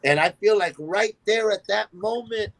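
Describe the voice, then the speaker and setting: A man, a musician guest on a podcast, telling a story in an animated way and acting out the voices of the people in it. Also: high voice, normal speed, gravelly, low-quality recording. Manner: animated, acts out quoted voices in his stories.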